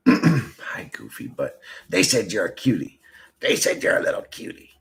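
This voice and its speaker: Animated, rambling male streamer. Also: low-pitched, a little slow. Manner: rambling and profane, talks to chat and his dog. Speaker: livestream host. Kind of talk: casual livestream chat.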